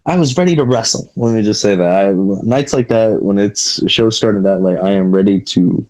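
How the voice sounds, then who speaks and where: Low-voiced wrestler guy on a podcast, easygoing, repeats himself, chuckles. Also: normal speed, a little mellow, poor audio. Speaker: guest, independent wrestler. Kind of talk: casual chat.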